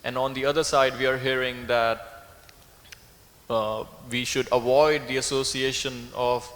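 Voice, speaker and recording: A man's voice: mid-range voice, level tone, measured pace, a bit bright, in a large hall. A man speaking at a scripture class, thoughtful and searching for his words as he reasons through a point. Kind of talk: reflective class talk. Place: temple hall.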